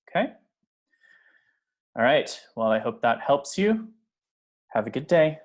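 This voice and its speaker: Man teaching pronunciation, slow and careful. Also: medium pitch, very animated. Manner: slow, careful modeling of example phrases; checks in with "okay?" and "right?". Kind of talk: pronunciation lesson.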